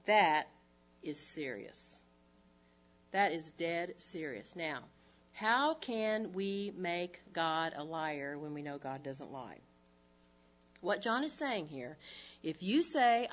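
A middle-aged woman teaching the Bible to a group of women, conversational and lively, with frequent rhetorical questions. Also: lowish voice, lo-fi sound. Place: room with a live audience.

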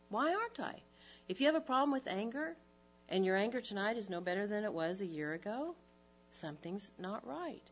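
Lively middle-aged woman teaching the Bible. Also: mid-range voice, lo-fi sound, slight background noise. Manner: lively, conversational, with rhetorical questions. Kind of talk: Bible teaching to a women's group. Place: room with a live audience.

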